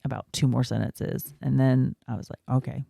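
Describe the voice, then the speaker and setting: A woman's voice: rumbling low, steady tone, normal speed, vocal fry, warm tone, no room sound, studio quality. A woman in her thirties co-hosting a podcast, telling stories in casual chat with lots of fillers and laughter. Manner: storytelling, laughs often, many fillers. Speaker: podcast co-host.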